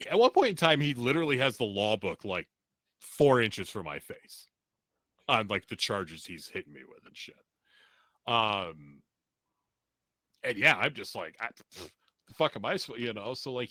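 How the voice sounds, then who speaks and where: Guy telling a wild story on a podcast, swears a lot, low voice that swings all over. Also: pushed and bright, no room sound. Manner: profane, rambling, laughing storyteller. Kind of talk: casual storytelling.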